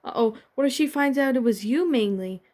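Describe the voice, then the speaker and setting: A woman's voice: sits high, expressive, a little fast, a little mellow, voice pushed up. A woman voicing a supportive teen girl friend who urges and reassures, in a fan-fiction reading. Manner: urging, reassuring.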